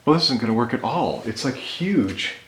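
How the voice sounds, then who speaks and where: A man, a resin maker, chatting casually and enthusiastically to camera, thinking out loud as he works in his home workshop. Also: medium pitch, lively intonation, moderate pace. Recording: echoey workshop with loud machine noise.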